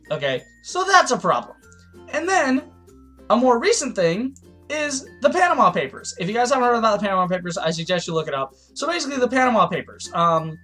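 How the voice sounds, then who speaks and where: A man's voice: high-pitched, fairly bright tone. A man giving a heated, profane political rant as a vlogger, stumbling over restarts. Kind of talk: ranting political commentary.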